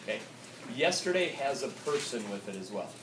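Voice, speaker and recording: A man's voice: medium pitch, big pitch swings, moderate pace. Man teaching, echoey and distant. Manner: casual, repeats "okay?" often, switches between English and Spanish. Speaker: Spanish teacher. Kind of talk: classroom grammar lesson. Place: classroom. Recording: echoey room recorded from afar, with noise.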